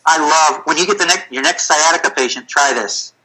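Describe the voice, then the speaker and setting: A middle-aged man, a physical therapy clinic owner, telling stories in a casual, animated way. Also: a little high, a little fast, a crowd in the background, rough recording. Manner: animated, storytelling with acted-out quotes. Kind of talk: casual storytelling chat.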